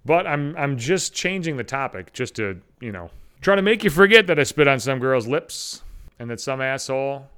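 A man's voice: mid-range voice, very animated, normal speed, fairly bright tone, smooth. A man hosting a solo comedy podcast, ranting in a profane, exasperated and self-mocking way. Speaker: podcast host.

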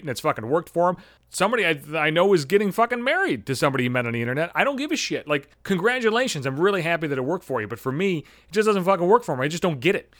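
A man's voice: a little high, fairly bright tone, dry recording, studio quality. A man in his thirties hosting a podcast, ranting in an agitated, sarcastic way and swearing constantly. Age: 30s. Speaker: podcast host. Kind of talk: profane solo rant.

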